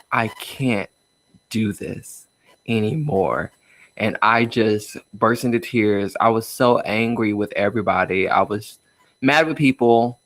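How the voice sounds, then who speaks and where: A man's voice: mid-range voice, fairly bright tone, no echo. Young man opening up about his feelings. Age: young adult. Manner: open and emotional, with frequent fillers and nervous laughs. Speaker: guest. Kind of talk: candid personal conversation. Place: inside a car.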